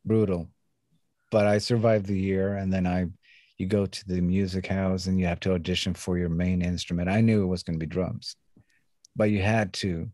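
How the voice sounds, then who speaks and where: A man in his fifties with a mild Swedish accent chats easily as an interview guest, unhurried and casual, now and then swearing. His voice sits low and dark with a mellow tone. The recording is close and dry. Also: no room sound. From Sweden. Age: 50s. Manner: laid-back, relaxed, with casual swearing. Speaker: guest musician.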